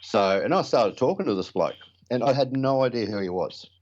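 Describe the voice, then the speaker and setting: A man's voice: medium pitch, expressive, a little fast, darkish tone, lo-fi sound. A middle-aged man telling rambling, blokey stories as an interview guest, swearing casually. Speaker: prop builder guest.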